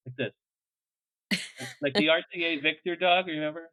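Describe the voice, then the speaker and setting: An older man, a publicist guest, telling anecdotes in an interview with lively energy, laughing as he tells them and acting out what people said. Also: fairly high pitch, normal speed, pauses often, no room sound. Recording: tinny phone-like line, dry.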